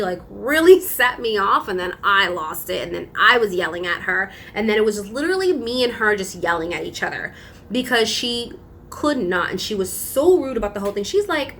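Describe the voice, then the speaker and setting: A young woman vlogger telling a personal story in a casual, animated, emphatic way. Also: mid-range voice, moderate pace, slight background noise. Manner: animated, emphatic retelling with frequent laughs.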